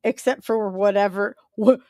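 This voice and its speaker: A woman co-hosting a casual talk show, answering with wry, quick quips. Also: medium pitch, darkish tone, no echo, studio quality. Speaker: co-host. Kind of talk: casual banter.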